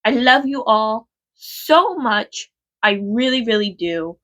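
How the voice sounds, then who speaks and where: High-voiced young woman, rambling vlog. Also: lively intonation, slow pace, fairly bright tone. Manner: rambling, filler-heavy, frequent swearing. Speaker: vlogger. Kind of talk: casual confessional vlog.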